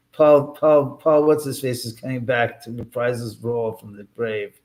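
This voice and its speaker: A man's voice: medium pitch, little pitch movement, a little slow, a little mellow. A man hosting a casual livestream from his home, rambling and sarcastic, swearing freely and answering viewer comments as they come in. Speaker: livestream host.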